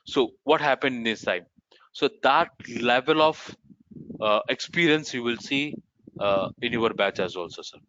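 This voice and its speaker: A man's voice: medium pitch, lively intonation, a little slow, a bit bright, slight background noise. A man teaching a live online course, answering students and calling them sir and ma'am. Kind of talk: live class Q&A. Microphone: video call. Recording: muffled online meeting audio.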